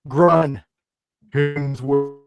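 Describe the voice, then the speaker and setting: A man's voice: medium pitch, fairly even intonation, very slow, vocal fry, over loud music. A man co-hosting a casual wrestling livestream, giving laid-back plugs for a friend's podcast. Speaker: livestream co-host.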